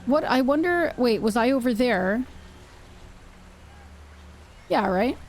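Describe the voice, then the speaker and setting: A young woman streamer chatting casually while she plays, rambling and thinking out loud with self-mocking asides. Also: fairly high pitch, lively intonation, slow pace, a little hiss or hum. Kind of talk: casual live-stream chat while gaming.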